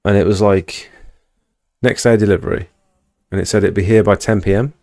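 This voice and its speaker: A man's voice: lowish voice, fairly even intonation, a little fast, darkish tone. A man, hosting a livestream and telling a rambling, chatty story to his viewers at home. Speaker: livestream host. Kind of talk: casual storytelling to a live chat. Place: indoors at home.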